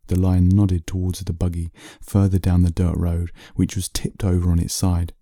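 A man reading a bedtime story aloud in a slow, soothing narration. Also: deep voice, level tone, vocal fry, mellow, no echo, studio quality.

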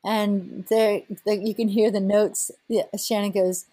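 A middle-aged woman, a whale researcher, telling an animated story, laughing often and acting out voices. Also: mid-range voice, a little slow, no echo. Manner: lively, excited, laughs often, acts out quoted voices. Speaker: whale researcher and boat operator.

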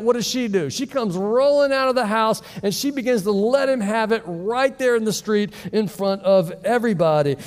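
A man preaching a sermon as pastor, telling a Bible story with lively rhetorical questions. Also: sits high, long reverb tail. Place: church auditorium.

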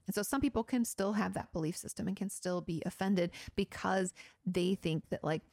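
A woman's voice: mid-range voice, moderate pace, gravelly, a little mellow, no room sound, clean studio sound. A woman therapist answering viewer questions in a chatty, explanatory way, with lots of "you know" and "like". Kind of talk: casual advice talk.

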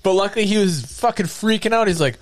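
A man's voice: sits high, quick pace. A man telling casual, profane travel anecdotes in a podcast chat, acting out the people in his stories.

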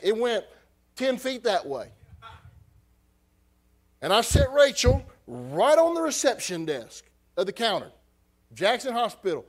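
A man, a missionary preacher giving an emotional personal testimony, halting and repeating his words. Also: extremely high pitch.

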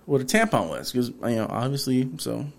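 A man's voice: mid-range voice, big pitch swings, fairly quick, gravelly. A man in his thirties from Texas, hosting a podcast and telling stories in a casual, profane way, acting out the lines he quotes. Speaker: podcast host. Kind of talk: casual storytelling chat.

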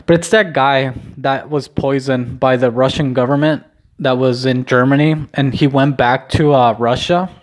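Young guy rambling to his camera, lots of ums and restarts, low-key and self-deprecating, swears a bunch. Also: fairly even intonation, moderate pace. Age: young adult. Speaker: vlogger. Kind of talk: casual rambling vlog.

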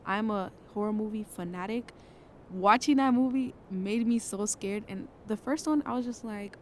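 A woman's voice: medium pitch, moderate pace, slight background noise. A teenage girl hosting a casual solo podcast, reviewing a film in a chatty, dramatic way and acting playfully spooked. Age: late teens.

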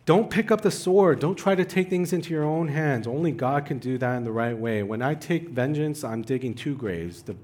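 A man preaching a sermon, who swings from loud, urgent pleading to quiet, hushed asides. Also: medium pitch, moderate pace, hardly any pauses. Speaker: pastor.

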